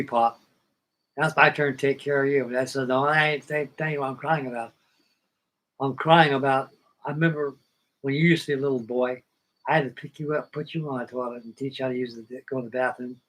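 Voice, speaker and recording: A man's voice: medium pitch, a bit bright, rough recording. An older man, host of a model-building livestream, telling a long personal story in a folksy, plainspoken way and acting out old conversations.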